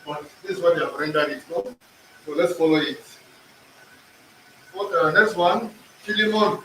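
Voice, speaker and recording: A man's voice: on the high side, normal speed, pushed and bright, a little hiss or hum. Man teaching a class from across an echoey room. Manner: drills pronunciation, repeats words, quizzes the class. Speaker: language teacher. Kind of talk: in-person classroom lesson. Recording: echoey room, far from the mic.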